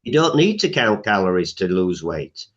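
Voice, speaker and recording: A man's voice: lowish voice, very animated, moderate pace, muffled recording. A man speaking as a health coach guest in a podcast interview, emphatic, listing things off, with frequent "uh" fillers.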